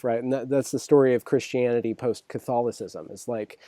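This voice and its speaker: A man hosting a casual conversation, thinking out loud with many restarts and checking "right?" as he explains. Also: medium pitch, fairly even intonation, a little fast, no room sound, studio quality. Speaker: host.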